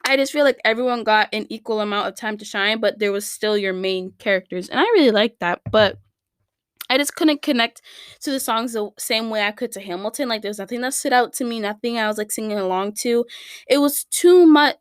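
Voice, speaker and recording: A woman's voice: medium pitch, brisk, clean tone, no echo, studio quality. A young woman hosting her own podcast, talking in a rambling, chatty way with lots of fillers and restarts. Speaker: podcast host. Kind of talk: casual solo podcast chat. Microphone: studio microphone.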